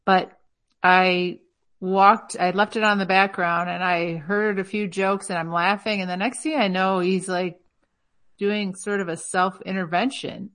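A woman's voice: medium pitch, fairly even intonation, unhurried, fairly bright tone. A woman co-hosting a casual podcast, chatty and telling stories. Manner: chatty, storytelling, recommends things. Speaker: co-host.

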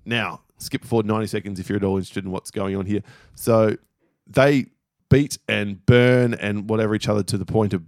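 Low-voiced man calmly describing scenes. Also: brisk, no echo, clean studio sound. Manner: steady, detailed storyteller. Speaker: podcast co-host. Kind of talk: casual podcast chat, describing film scenes.

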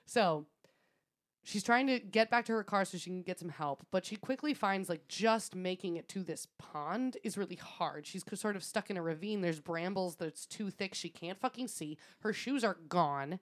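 Lower-voiced woman telling a story. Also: moderate pace. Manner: laughing, swearing, animated retelling. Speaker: podcast co-host. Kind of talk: casual storytelling chat.

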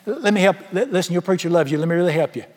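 A male pastor delivers a sermon in a folksy, emphatic way, peppering the congregation with rhetorical questions. His voice sits high for a man. The sound carries a long reverb from a large church auditorium. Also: animated, racing, a little mellow.

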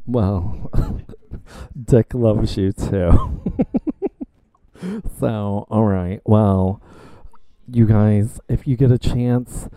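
Male co-host, Indiana twang, campy and rambling, slow delivery, dark tone. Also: lowish voice, steady tone, no echo. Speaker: podcast co-host. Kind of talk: casual chat about a book.

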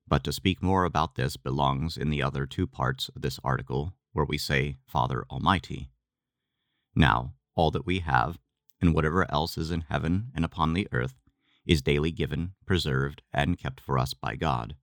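A man giving a measured, deliberate scripted reading of a religious text. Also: a bass voice, a bit bright, no echo, studio quality. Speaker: reader.

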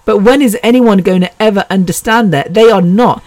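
A woman's voice: medium pitch, fairly quick, darkish tone, no echo. A middle-aged woman from England with a British accent, hosting a casual solo podcast. She talks in a rambling way, laughs often and swears freely. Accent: British English. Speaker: podcast host.

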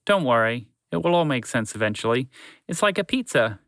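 A man voicing a gentle, absent-minded male horse who rambles as he talks. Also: mid-range voice, very animated, brisk, no echo, studio quality. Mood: musing.

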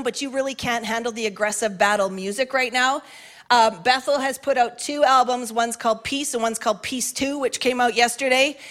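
A middle-aged woman pastor preaching a sermon in a church, passionate and building to shouts at the big moments. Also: sits high. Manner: passionate, rising to shouts at climaxes. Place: church sanctuary with balcony.

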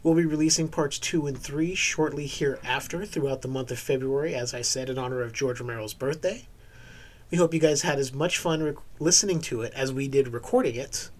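A man hosting a podcast, chatting loosely, laughing often, then reading off the show's links and plugs in a steady run. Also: medium pitch, a little fast, poor audio. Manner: relaxed, laughs often, lists links in a steady promo read. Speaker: podcast host. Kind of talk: casual chat and show outro.

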